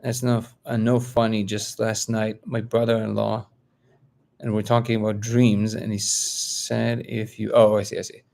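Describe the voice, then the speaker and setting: A man's voice: a little slow, creaky. Russian-born man chatting on a live stream. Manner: animated storyteller, jumps up in pitch when quoting others. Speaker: live stream host reading viewer comments. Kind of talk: casual live chat and storytelling. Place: home, living in LA.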